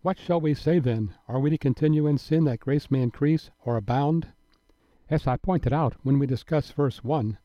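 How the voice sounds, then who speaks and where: A man delivering a scripted radio Bible teaching in a measured, earnest and emphatic manner. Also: mid-range voice, dry recording. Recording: dry, dull lo-fi broadcast audio.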